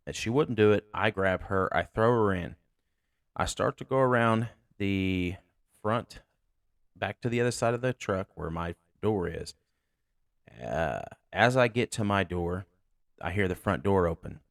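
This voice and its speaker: A sheriff's deputy hosting a podcast, telling a tense story in a blunt, candid, profane way. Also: male voice, fairly low pitch, normal speed, dry recording, clean studio sound. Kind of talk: casual storytelling.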